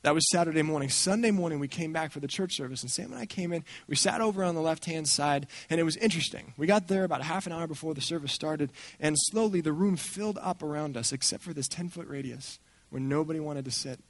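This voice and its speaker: A man speaking at a church gathering, telling a story in an animated way and acting out the people he quotes. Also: fairly high pitch, fast talker, hardly any pauses, no room sound. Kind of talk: storytelling talk.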